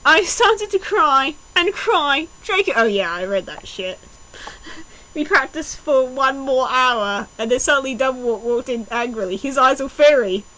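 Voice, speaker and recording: A woman with a high, bouncy voice reads a badly written story out loud for laughs. She slips between mock-dramatic reading and dry, sarcastic asides. Her pitch swings widely, and she keeps up the jokey commentary throughout. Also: lively intonation, unhurried, rough recording. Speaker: fanfiction reader. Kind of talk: comedic mocking read-aloud.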